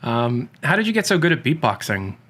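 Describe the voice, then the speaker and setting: A man's voice: mid-range voice, sing-song, fairly quick, a bit bright. A male interviewer asking dry follow-up questions and reading prepared bio lines. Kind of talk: casual interview.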